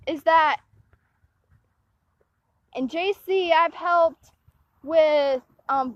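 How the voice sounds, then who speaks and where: A young woman with a high voice rambles slowly through a personal story, stopping and restarting as she grows indignant. The recording is dry and dull, with a muffled lo-fi sound. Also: no room sound. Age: young adult. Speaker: vlogger.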